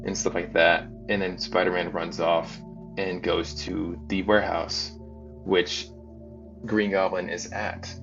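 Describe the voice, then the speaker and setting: A man's voice: deep voice, flat delivery, a little slow, gravelly. A man hosting his channel, retelling a comic story in a loose, chatty way with lots of fillers. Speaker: channel host. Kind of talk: casual comic book recap. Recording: dull lo-fi with music behind. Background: background music.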